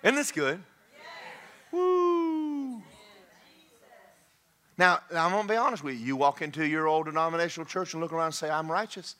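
Animated preacher man, bright voice. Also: on the high side, moderate pace, pauses often. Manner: animated, shouting and laughing, mocking voices. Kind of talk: sermon.

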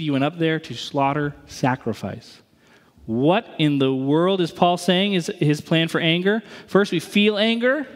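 A male pastor preaching a sermon in an animated manner, acting out the voices of his listeners. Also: a little high, long reverb tail. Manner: animated, acts out inner voices.

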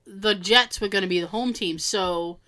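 Bright-voiced woman telling animated stories. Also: medium pitch, normal speed. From Massachusetts, USA. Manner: animated storytelling, acts out quoted people. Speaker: podcast co-host. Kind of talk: casual chat.

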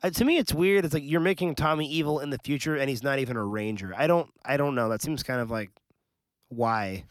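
A man's voice: medium pitch, fairly quick, dry recording. A man co-hosting a casual podcast chat about comics, rambling and hesitant, restarting his sentences. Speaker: podcast co-host.

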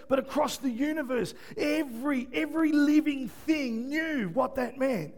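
A man preaching a sermon. He swings from quiet, low passages to shouted peaks and keeps asking the room "yeah?". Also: measured pace, vocal fry, hardly any pauses. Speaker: pastor.

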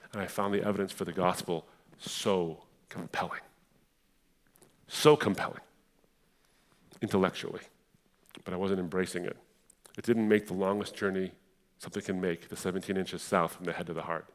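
A young adult man from the Middle East giving a passionate personal testimony in a sermon style, moving between hushed and fiery delivery. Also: low voice, normal speed, pauses often.

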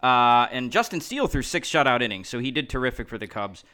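Bright, smooth-voiced podcast co-host. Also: male voice, medium pitch, lively intonation, quick pace. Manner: recaps game plays matter-of-factly. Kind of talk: casual chat.

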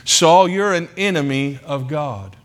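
A man's voice: a little high, measured pace, close to an everyday voice. A man preaching a sermon, voicing a commanding divine male voice that rebukes with solemn, repeated direct address. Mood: rebuking.

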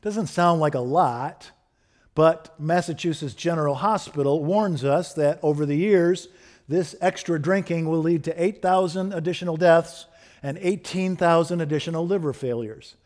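A middle-aged man preaching a sermon, building to fervent repeated refrains and then dropping soft and low. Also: normal speed. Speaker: pastor.

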